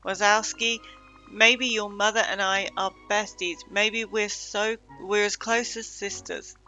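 A woman's voice: medium pitch, level tone, measured pace, bright, forceful tone, soft background music. A woman putting on the voice of a stern, demanding older female office boss from a game. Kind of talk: reading game dialogue aloud.

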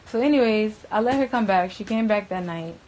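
A woman's voice: mid-range voice, animated, a little fast, darkish tone, a little hiss or hum, poor audio. A young woman being interviewed, telling a story casually in heavy slang and profanity, acting out quoted dialogue and filling it with "bruh" and "like". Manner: frequent fillers and repeated "bruh". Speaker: interviewee, former roommate.

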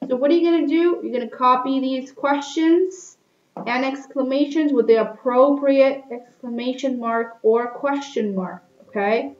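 A woman teacher talks children through a recorded lesson, patient and steady, checking in with a frequent "okay?". Her voice sits a little high. It sounds slightly dull and lo-fi, in an echoey room with faint music underneath. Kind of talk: recorded online class instructions for children.

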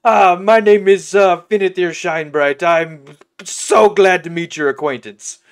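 An excitable talking sheep, as a man puts him on at a tabletop game, gushing and exclamatory. The voice sits far above a normal speaking pitch and is pushed loud. He heaps flattery on whoever will listen. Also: a little slow, clear, resonant tone. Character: excitable talking male sheep, desperate for help.

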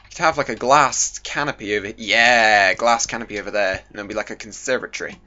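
A young man casually commentating his gameplay, goofy and chatty, joking with himself. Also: fast talker. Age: young adult. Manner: chatty and goofy, jokes to himself, lively pitch jumps. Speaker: gaming YouTuber. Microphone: desk microphone. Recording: dull home mic with faint hiss.

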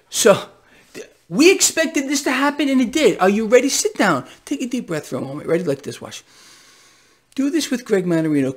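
Animated, sarcastic male market ranter. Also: sits high. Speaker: host. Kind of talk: financial commentary vlog.

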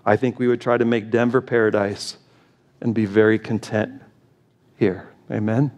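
A man's voice: steady tone, normal speed, a little mellow. A middle-aged man, a pastor, preaching a sermon in a church and building to an impassioned, pleading climax. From United States. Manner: impassioned, rising to high urgent pleading. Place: church sanctuary.

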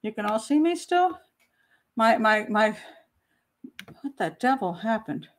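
A woman's voice: fairly high pitch, very animated, measured pace. A woman in her sixties, out of breath, hosting a casual livestream at home and exclaiming to herself as she sorts out a screen problem. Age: 60s. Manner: chatty, exclaiming, talks to herself while troubleshooting. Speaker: host.

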